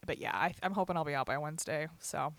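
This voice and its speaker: A young woman talking candidly and haltingly on a casual podcast, with many fillers and restarts. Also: deep voice, vocal fry, a bit bright, no room sound. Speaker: podcast host. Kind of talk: casual chat.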